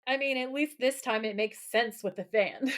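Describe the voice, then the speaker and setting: Animated woman recapping a TV episode. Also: a little high, moderate pace. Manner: animated retelling, quoting characters with lots of swearing. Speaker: podcast co-host. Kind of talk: casual chat recapping a TV episode.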